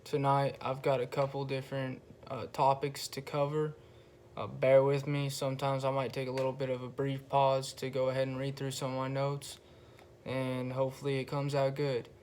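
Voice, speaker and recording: A young man talks on his own in a laid-back, unhurried way, his voice staying flat and even with little rise or fall. A faint bed of room noise sits under him as he pauses and swears his way through a casual monologue. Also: medium pitch. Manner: slow, flat, relaxed delivery with pauses and frequent swearing. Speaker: podcast host.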